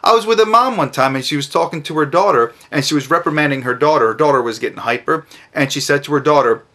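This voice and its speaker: A middle-aged man, a parent giving advice to camera, who speaks slowly and enunciates each word with emphasis. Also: a little high, very animated, bright, forceful tone. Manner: slow, deliberate, emphatic enunciation. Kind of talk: instructional talk to camera.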